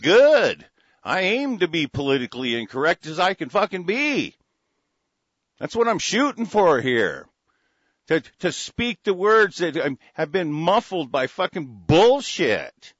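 A man delivers a furious, profane rant, his voice sitting a little high and stumbling over restarts. The sound is dull and muffled with no room echo. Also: big pitch swings, a little slow, fairly bright tone. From United States. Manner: angry, profane, repetitive with frequent restarts. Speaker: political commentator. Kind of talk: ranting monologue to an audience.

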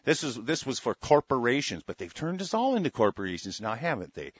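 A man's voice: mid-range voice, very animated, fairly quick, slightly rough, dry recording, dull audio. A middle-aged man reading news stories aloud and breaking off into angry, sarcastic, profane rants. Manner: angry, sarcastic, swears a lot, reads then rants. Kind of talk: profane ranting commentary on news.

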